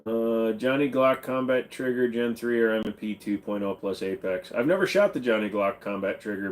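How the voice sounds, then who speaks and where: A man hosting a casual livestream Q&A, answering viewer questions in a blunt, offhand and joking way. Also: on the low side. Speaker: channel host.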